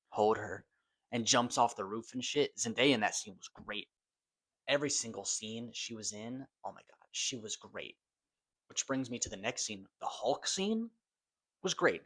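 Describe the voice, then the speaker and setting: Excitable young man ranting about a movie. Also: medium pitch. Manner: excitable, swears a lot, slangy. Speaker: movie reviewer. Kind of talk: casual movie review rant.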